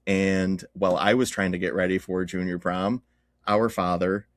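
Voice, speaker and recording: A man's voice: low voice, level tone, normal speed, no room sound. A young man, a podcast co-host, chatting casually and telling stories with easy laughs. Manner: storytelling, laughs easily. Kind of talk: casual chat.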